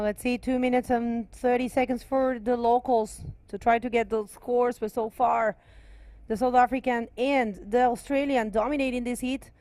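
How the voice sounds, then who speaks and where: A woman speaking English as a second language, co-commentating a live sports stream in a friendly, slightly halting way. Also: a little high, darkish tone, no room sound. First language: not English.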